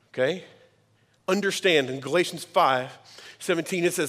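A man in his thirties preaching a sermon as a pastor, emphatic and conversational, with quick asides to the congregation. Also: fairly high pitch, fairly bright tone. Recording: long hall reverb.

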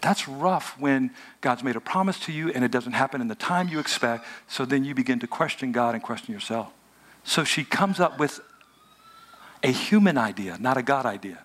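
A man preaching a lively, joking sermon in casual everyday speech and talking back and forth with a live audience. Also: medium pitch, normal speed. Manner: animated, joking, colloquial, talks with the audience. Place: hotel event room before a live audience.

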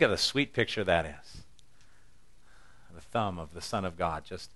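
Deep-voiced pastor preaching. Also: male voice, a little slow, fairly bright tone. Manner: conversational, humorous, emphatic. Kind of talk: sermon.

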